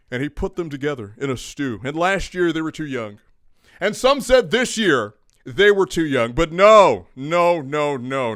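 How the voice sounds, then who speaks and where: A man's voice: on the high side, sing-song, brisk, fairly bright tone, dry recording, clean studio sound. A young man hosting a comedic sports debate show, with a mock-grandiose, speechmaking delivery.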